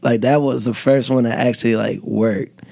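A man's voice: mid-range voice, steady tone, normal speed, vocal fry, warm tone. A young man, a comedian guest, telling a story in casual chat with lots of laughs and restarts. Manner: rambling, laughing, fillers and restarts.

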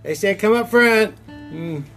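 A man's voice: sits high, slow pace, gravelly, a bit bright, faint music behind. A man co-hosting a podcast, talking loosely and profanely and laughing often in casual banter. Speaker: podcast co-host.

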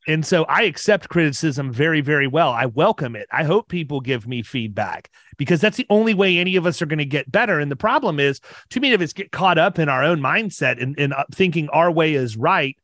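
On a podcast, a man of about fifty with a fairly high-pitched, fairly bright voice tells casual stories with lots of energy and expression, doubling back on his words and laughing easily. He talks a little fast with hardly any pauses, and the sound is dry and close, with no room echo.

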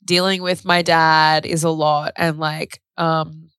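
A young woman candidly telling a personal story in casual conversation, animated and full of "like". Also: sits low, slow pace, clear, resonant tone, dry recording, clean studio sound. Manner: candid, animated retelling with frequent "like" and swearing.

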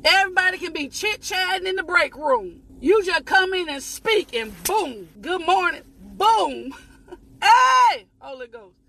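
Lady preacher yelling a sermon, super high voice, slow and drawn out, whoops a lot. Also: lively intonation, vocal fry. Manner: shouting, with sudden high whoops and repeated phrases; addresses listeners directly and asks them to repeat after her. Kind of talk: fervent sermon.

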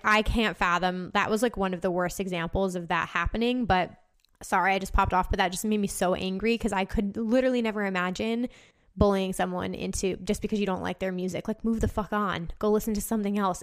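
A woman's voice: mid-range voice, clean tone. A woman hosting a casual talk show, speaking passionately, swearing freely and filling her talk with "like". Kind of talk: casual monologue.

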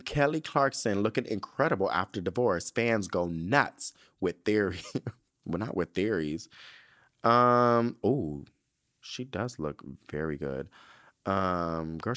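A man's voice: sits low, a bit bright. Sassy campy young man riffing on headlines. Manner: sassy, campy, reads headlines then riffs with side comments. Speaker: podcast host. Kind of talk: casual solo commentary on celebrity news.

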